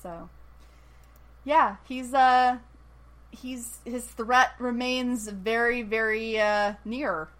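A woman with a slightly higher voice chats about a TV episode on a podcast. She talks casually and jokes, tossing in playful side comments. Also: fairly even intonation, drawn-out words, a bit bright. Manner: chatty and jokey, with playful asides. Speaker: podcast co-host.

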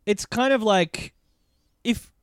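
Man, fairly high voice, chatty, sweary, dry close recording. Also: clean tone, no echo. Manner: chatty, swearing, quick to laugh. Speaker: podcast co-host. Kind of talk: casual chat recapping a TV episode.

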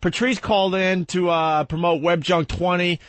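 A man's voice: sits high, steady tone, normal speed, no echo. A man hosting a radio show, setting up a story in loose, casual chat. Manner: loose, conversational setup with fillers.

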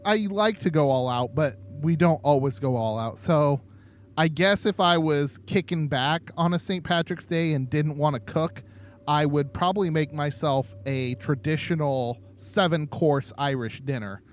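A tipsy podcast co-host rambles through casual conversation and laughs often, having been drinking. His voice is a little high and unhurried.

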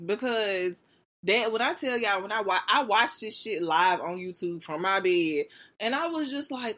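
A woman's voice: mid-range voice, moderate pace. A woman vlogger talking straight to her viewers in a loose, gossipy rant. Her voice jumps around as she gets worked up. She leans on slang and "like" throughout. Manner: animated and expressive, with slangy filler-heavy talk. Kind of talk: casual gossip rant to camera.

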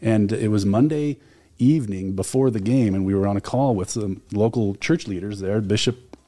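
In a relaxed radio studio conversation, a guest who works as an alumni relations director tells stories enthusiastically, filling them with fillers. His voice is fairly low and dark, and he speaks at a moderate pace.

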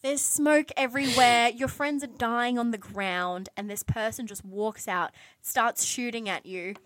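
A woman telling a dramatic story in casual podcast chat, animated, swearing and filling her talk with "like". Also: a little high, measured pace, no echo. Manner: animated, swearing, many "like" fillers. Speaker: podcast co-host telling a true crime story.

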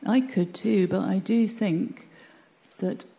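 A woman from Birmingham, a folk musician, chatting with lively enthusiasm and frequent repeated words. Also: mid-range voice, takes it slowly, creaky. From Birmingham, England. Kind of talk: casual interview chat.

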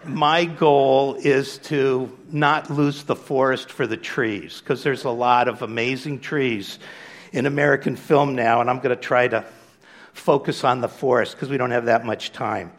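A man giving a public lecture in a relaxed, conversational way, with frequent fillers. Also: medium pitch, unhurried.

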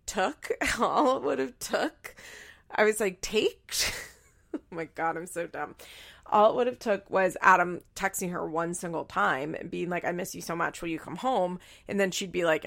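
A young woman casually recapping a reality show, gossipy and quick to laugh, acting out what people said. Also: lowish voice, gravelly, fairly bright tone. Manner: gossipy, acts out quotes with laughs. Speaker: recap commentator.

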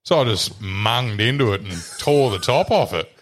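A young Australian man with a fairly low voice chats as a podcast guest. He is relaxed and loose, swears freely and laughs along with his own stories. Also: moderate pace. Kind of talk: casual chat.

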